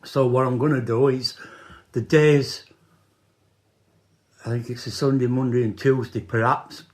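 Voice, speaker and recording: A man, talking casually in a personal vlog, halting and repeating words as he goes. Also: medium pitch, fairly even intonation, darkish tone. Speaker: vlogger.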